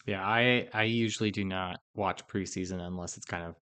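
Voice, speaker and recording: A man hosting a sports podcast, steering the topics in a measured way with some "um" fillers. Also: deep voice, fairly even intonation, bright, forceful tone, smooth. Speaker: podcast host.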